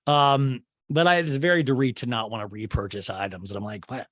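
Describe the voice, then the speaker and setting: A man hosting a comedy podcast, recapping a TV show in a profane, mocking, animated way. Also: medium pitch, brisk, no echo, clean studio sound. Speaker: podcast host.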